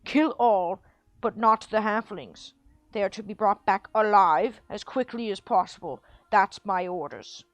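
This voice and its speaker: A woman reading aloud, voicing a brutish male orc captain who barks loud, domineering commands in a growl. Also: mid-range voice, unhurried, no echo, lightly acted. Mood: commanding. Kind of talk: reading a book aloud on a livestream.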